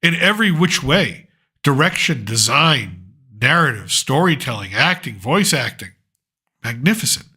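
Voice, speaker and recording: A man's voice: medium pitch, sing-song, unhurried, sharp tone, breathy edge. A middle-aged man hosting a pop culture commentary show, ranting sarcastically and swearing freely. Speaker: host.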